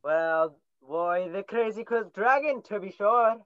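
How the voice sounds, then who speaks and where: A small, cheerful male teddy bear who is slightly Irish, polite and chatty, with playful growls, played by a woman in a high school stage play. The voice sits mid-range. The recording is dry and a bit dull. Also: animated, takes it slowly, no echo. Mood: friendly.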